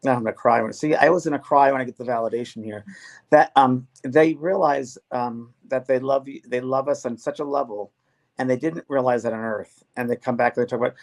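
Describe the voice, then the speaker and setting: A man's voice: medium pitch, a little fast, gravelly. A middle-aged man talks earnestly in a casual conversation about the spirit world. His voice sits in an ordinary middle range. He restarts sentences often and repeats phrases for emphasis. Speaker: medium and show host.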